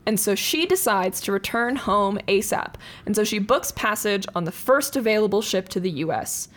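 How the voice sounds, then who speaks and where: A woman co-hosting a podcast, talking casually as she tells a history story. She is chatty, fills her talk with "um" and "like", and laughs easily. Her voice sits at an ordinary pitch for a woman. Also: expressive, moderate pace. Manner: chatty, laughs often, many fillers. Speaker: podcast co-host.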